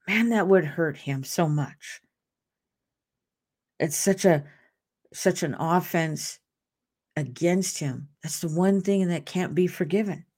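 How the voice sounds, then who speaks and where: A woman's voice: lowish voice, mellow. A woman hosting a devotional podcast, talking earnestly and off the cuff, with restarts and asides. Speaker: podcast host.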